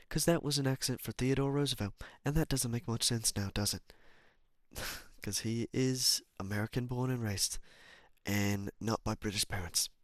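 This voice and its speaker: A man's voice: medium pitch, no room sound. Man reading aloud, dry close sound. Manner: stumbles, restarts and corrects himself while reading; casual asides and apologies between passages. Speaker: amateur reader. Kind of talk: reading a self-help book aloud.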